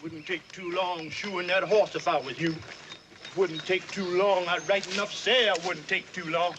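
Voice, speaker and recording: A man's voice: sits high, steady tone, moderate pace, noisy background, natural voice. An actor playing an older enslaved man who bossily drills a newcomer, in a heavy Southern dialect drawl. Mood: scolding. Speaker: actor in a film scene.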